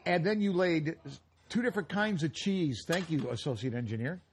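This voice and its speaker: A man's voice: on the high side, brisk, slight background noise. A man co-hosting a live radio cooking show, joking and rambling in casual banter. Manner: jokey, rambling, coughing now and then. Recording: live remote broadcast at a retail store.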